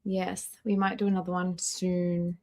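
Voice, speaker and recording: A woman's voice: fairly low pitch, level tone, unhurried, a little mellow. A young Australian woman hosting a reaction livestream, blunt in her opinions and greeting chat members as she goes. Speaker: livestream host.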